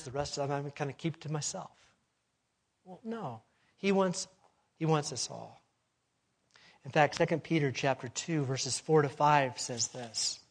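Emphatic man preaching a sermon. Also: on the high side. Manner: emphatic, rhetorical questions, swings between loud and soft.

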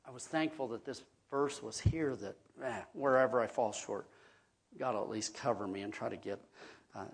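A man's voice: mid-range voice, breathy edge. A man preaching a sermon as pastor, earnest and conversational, often checking in with his listeners.

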